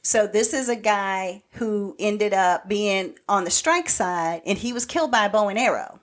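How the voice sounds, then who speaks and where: A woman's voice: mid-range voice, normal speed. Chatty woman podcast co-host retelling a plot. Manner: animated storyteller recapping a TV plot, acting out quoted lines; rambling, with many "like" and "so anyway" fillers. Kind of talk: casual chat.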